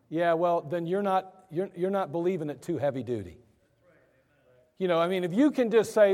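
A man's voice: high voice, animated, a little fast, darkish tone, long reverb tail. A male pastor preaching a sermon in an emphatic, conversational way, acting out his listeners' objections. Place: church.

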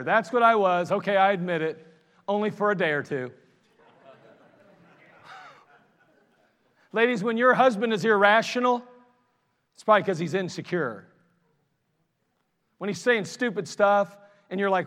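A man with a high voice preaches in an animated, chatty way, mocking himself now and then. His pastor's sermon carries a long hall reverb, as if recorded in a church sanctuary. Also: moderate pace, long pauses. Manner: animated, conversational preaching with self-mocking asides.

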